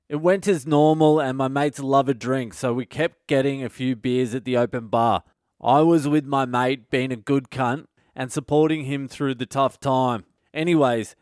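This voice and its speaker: A man's voice: mid-range voice, smooth, dry recording, clean studio sound. An Australian man, a comedian hosting his own podcast, delivering a crude, swearing comedic rant. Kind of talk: comedic monologue.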